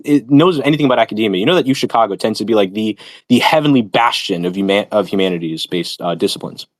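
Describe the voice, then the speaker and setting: A man with a mid-range voice, recorded with no room sound, hosts a stream. He chats casually about philosophy and academia, rambling and digressing in a lecturing manner, with plenty of fillers.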